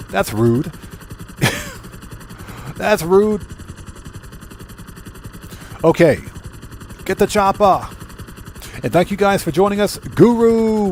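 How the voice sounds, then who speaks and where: A man's voice: fairly high pitch, a little hiss or hum. A man live-streaming a video game, chatting casually with viewers, often repeating his phrases and greeting them by name. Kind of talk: casual gameplay commentary.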